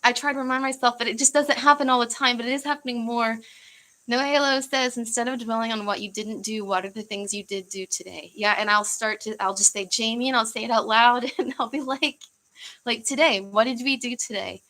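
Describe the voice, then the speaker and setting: A young American woman hosts a livestream in a slightly high, steady voice, speaking briskly with a sharp tone. She chats casually, rambling with fillers and laughing easily. The recording quality is rough.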